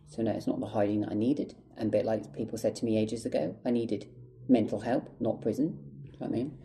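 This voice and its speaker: A man's voice: on the low side, steady tone, a little fast, dark tone, a little hiss or hum, low-quality recording. A man telling a story to the camera in an angry, emotional way, swearing a lot and close to tears. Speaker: vlogger. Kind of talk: storytime vlog monologue.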